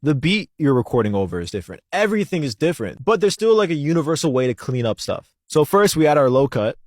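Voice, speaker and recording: An energetic man explains his process in a casual, joking tutorial. His voice sits a little higher than most men's. The recording is close and dry, with no room sound. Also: fast talker, no room sound. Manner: energetic, joking, asks and answers his own questions. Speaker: music producer.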